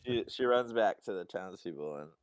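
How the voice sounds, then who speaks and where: A man narrating as game master in a relaxed, halting way with many fillers. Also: sits low, no echo, studio quality.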